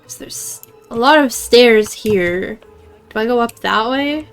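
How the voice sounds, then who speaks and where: A woman's voice: on the high side, slow, clean tone, faint music behind. A woman streaming a game, chatting casually and jokingly with her viewers, often laughing. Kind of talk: casual gameplay chat with chat.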